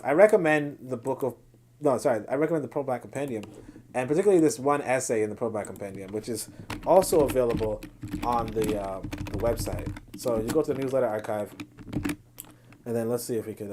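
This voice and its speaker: A man's voice: mid-range voice, darkish tone, a little hiss or hum. A man hosting a casual solo commentary show, reading posts aloud and talking through them in a rambling, blunt way with many fillers and restarts.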